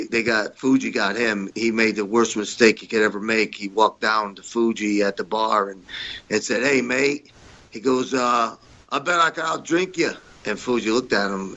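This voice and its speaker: Man, podcast guest, animated storyteller, bright forceful voice, dull muffled audio. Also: lowish voice, normal speed. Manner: animated storyteller who acts out the quoted voices. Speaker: podcast guest, retired wrestler. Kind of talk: storytelling in an interview.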